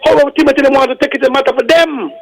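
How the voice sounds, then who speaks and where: Kittitian man, caller, very high voice, indignant and insistent, dry phone line. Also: steady tone, very fast, no room sound. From Saint Kitts and Nevis. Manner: indignant, insistent, repeats points. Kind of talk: call-in radio rant.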